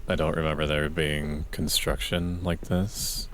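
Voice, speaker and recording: Very deep-voiced man talking quietly. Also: slight background noise. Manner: quiet, deliberate monotone. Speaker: streamer. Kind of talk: casual gameplay commentary. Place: home at night.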